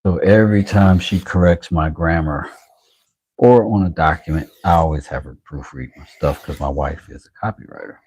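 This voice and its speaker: A man's voice: deep voice, moderate pace, a little mellow, husky, no echo. A man hosting a knife-sharpening livestream, chatting casually and self-deprecatingly with viewers. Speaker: knife-sharpening channel host.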